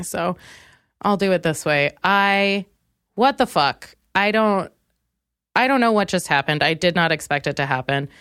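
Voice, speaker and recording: A woman's voice: fairly low pitch, fairly bright tone, clean tone, no echo, clean studio sound. A young woman hosting a podcast, telling a comic personal story in a rambling, candid, profane way with many fillers and restarts. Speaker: podcast host. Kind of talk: comedic storytelling monologue.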